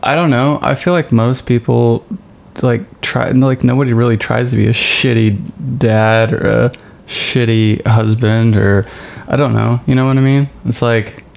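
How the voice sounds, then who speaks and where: A man's voice: medium pitch, steady tone, a little slow, gravelly. A man co-hosting a podcast, chatting casually and hesitantly with lots of fillers. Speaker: podcast co-host. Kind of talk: casual chat.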